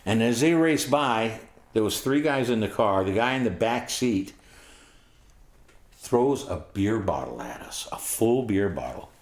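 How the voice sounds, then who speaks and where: Deep-voiced older man telling a story. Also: lively intonation, a little slow, reverberant, a little hiss or hum. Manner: vivid, rambling, profane storytelling. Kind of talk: first-person storytelling.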